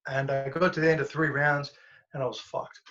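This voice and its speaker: A man, a guest and former professional fighter, telling stories in a casual, animated way, laughing and swearing as he goes. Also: mid-range voice, a little fast, lo-fi sound, slight background noise. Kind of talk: casual storytelling.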